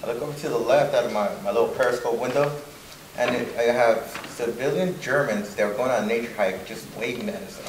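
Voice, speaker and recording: Quiet guy w/ a low voice on a veterans panel, echoey room, clear hiss behind. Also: a little fast. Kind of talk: casual talk at a panel. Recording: echoey room, distant mic, steady noise.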